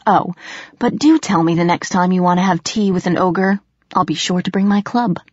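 A woman's voice: on the low side, moderate pace, darkish tone, no room sound, close to an everyday voice. A woman voicing a teasing young male fairy trickster with wry, sarcastic banter, in a dull, slightly muffled recording.

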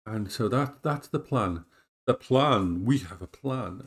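A middle-aged man, a vlogger, chats casually at home on a tablet used as an action cam. His voice sits on the low side with lively intonation and a slow pace, and he rambles playfully, cooing at his dogs.

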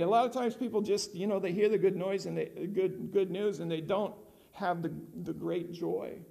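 A man's voice: high voice, normal speed, gravelly, mellow. An older man preaching a conversational sermon as pastor, often asking the congregation questions.

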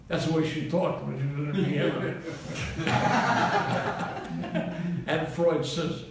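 A man's voice: fairly high pitch, animated, takes it slowly, creaky, long pauses. A man in his eighties, a comedian, telling a rambling string of anecdotes to a live audience and chuckling at his own punchlines. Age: 80s. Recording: roomy, distant mic, faint hiss.

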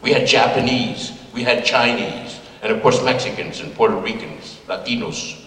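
Recorded at a distance in an echoey hall with slight background noise, an older Californian man spins folksy personal stories for an audience, sometimes laughing at his own jokes. He speaks at a moderate pace in a mid-range voice, fairly even in intonation and sharp in tone.

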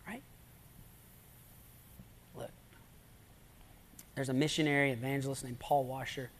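A man preaching a sermon as a pastor, telling stories with dramatic pauses and swinging between loud emphasis and hushed near-whispers. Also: mid-range voice, level tone.

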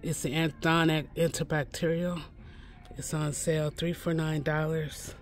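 Man, vlogger, chatty, slow-talking, self-correcting, faint music behind in the store. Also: fairly high pitch, level tone. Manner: chatty, repeats prices and corrects himself. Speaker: shopping vlogger. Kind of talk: casual in-store shopping walkthrough. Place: inside a pharmacy store.

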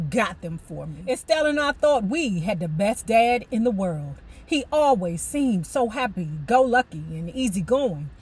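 A woman reading a memoir aloud and breaking off into animated, colloquial commentary. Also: mid-range voice, slightly rough. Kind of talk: book reading with casual commentary.

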